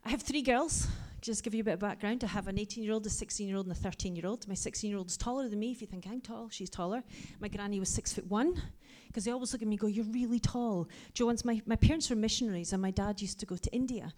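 A woman in her forties, a pastor giving a lively sermon full of personal stories, who drops to a hushed whisper for her asides. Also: medium pitch, fast talker, hardly any pauses.

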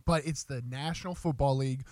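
A man's voice: medium pitch, steady tone, brisk, a little mellow, no room sound, clean studio sound. A man co-hosting a sports talk radio show, mocking and trash-talking the other team's fans.

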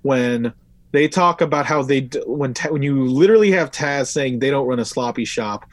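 A man's voice: medium pitch, normal speed, no echo. Male podcast host, casual rambler, swears freely, dry close recording. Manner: loose and rambling, reads from notes, swears casually. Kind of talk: casual wrestling recap chat.

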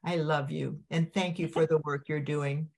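A woman's voice: deep voice, level tone, moderate pace, vocal fry, darkish tone. An older woman hosting a podcast over a video call, gushing and preachy in an enthusiastic interview chat. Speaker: podcast host.

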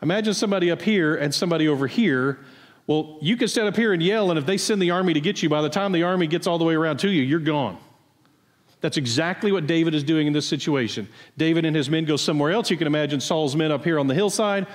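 A man's voice: fairly high pitch, quick pace, long reverb tail. A man preaching a sermon, explaining a passage in a conversational way and asking his listeners pointed questions. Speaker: pastor. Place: church sanctuary.

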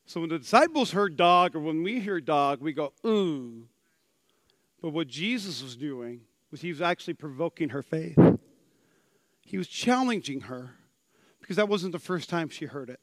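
Give me a male pastor with a high voice delivering a lively sermon. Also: normal speed, no echo, studio quality. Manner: animated preaching, acts out quotes with big swings in pitch and loudness.

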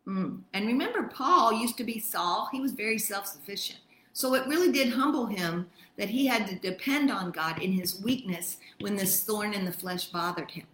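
A woman's voice: medium pitch, expressive, normal speed, fairly bright tone, roomy sound, rough recording. A woman leading a Bible study, reading scripture aloud and urging her listeners on by name with emphatic encouragement.

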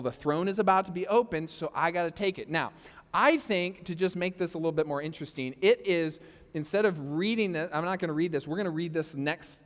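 A man preaching a sermon as pastor, animated and conversational, talking straight to the congregation. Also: on the high side, big-room sound. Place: church hall.

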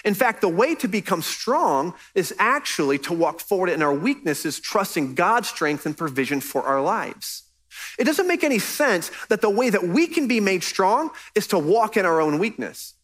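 A man's voice: sits high, big pitch swings, moderate pace, a bit bright. A man preaching a sermon as pastor, earnest and conversational, pressing his points with emphasis.

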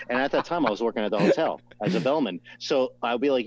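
A man's voice: medium pitch, animated, quick pace, no echo. A man co-hosting a podcast, telling rambling, profane anecdotes in a chummy tone. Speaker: podcast co-host. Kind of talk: casual chat.

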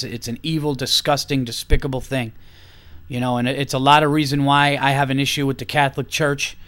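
A man's voice: mid-range voice, a bit bright. A man hosting a podcast, ranting with heated, profane emphasis and repeating himself. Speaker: podcast host. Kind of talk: angry opinion rant.

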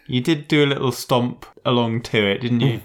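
Man, podcast co-host, dry wit, casual chat, mid-pitched voice. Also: steady tone, normal speed.

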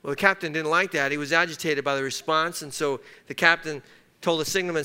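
A man's voice: a little high, fairly even intonation, brisk, sharp tone, smooth. A man preaching a sermon as pastor, emphatic and fond of repeating key phrases.

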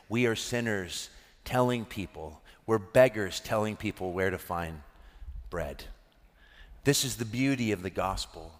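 A man's voice: lowish voice, a bit bright, long reverb tail. A man preaching a sermon as pastor, earnest and building to impassioned emphasis.

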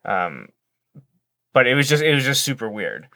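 A man's voice: mid-range voice, very animated, normal speed, pushed and bright, dry recording. Male podcast co-host, casual movie-watching chat, rambling and friendly. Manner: chatty, rambling with restarts.

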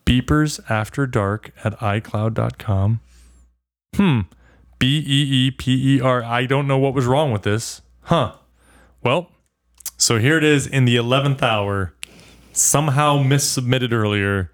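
A man's voice: medium pitch, a little slow. Wry teasing man on a podcast. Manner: wry, teasing, mock-exasperated. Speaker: podcast co-host. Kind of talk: casual podcast banter.

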